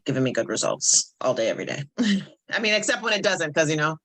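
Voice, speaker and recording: Upbeat woman coach chatting in an interview, really bright forceful voice, animated. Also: deep voice, quick pace. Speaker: self-esteem coach guest. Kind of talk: casual interview chat.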